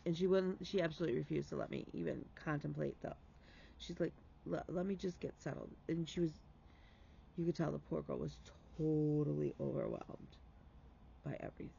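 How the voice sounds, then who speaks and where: Man, vlog host, very gravelly, high-pitched, casual heartfelt storytelling, slightly dull lo-fi sound. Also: steady tone, a little fast, warm tone, slight background noise. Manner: retells conversations, dropping to a whisper for emphasis.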